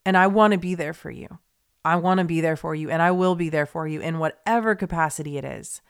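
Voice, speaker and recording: A woman's voice: low voice, fairly quick, smooth. A young woman hosting a podcast, talking in a heartfelt, confiding monologue that rambles along with fillers and restarts and turns emotional. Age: young adult. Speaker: podcast host.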